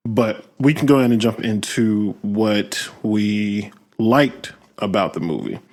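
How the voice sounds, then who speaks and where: A man with a lowish voice hosts a relaxed film podcast. He talks thoughtfully, pausing often and reaching for words with fillers. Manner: thoughtful, hesitant with many fillers. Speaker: podcast host. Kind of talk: casual film discussion.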